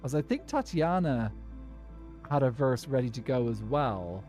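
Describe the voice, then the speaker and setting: A man's voice: medium pitch, expressive, unhurried, a little mellow, soft background music. An Irish man streaming a game, chatting casually and rambling with frequent laughs. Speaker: Minecraft streamer. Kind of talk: casual chat while gaming and reading chat.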